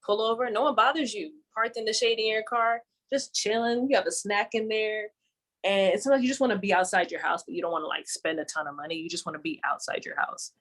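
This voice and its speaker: Woman, podcast co-host, casual storyteller, mid pitch, laid-back delivery. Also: quick pace. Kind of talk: casual chat.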